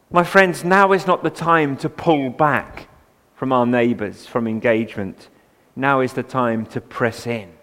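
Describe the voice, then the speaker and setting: A man preaching a sermon from the pulpit, shifting between chatty asides and emphatic, rising passages. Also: on the high side. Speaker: pastor. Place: church sanctuary, at the pulpit. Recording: long church hall reverb.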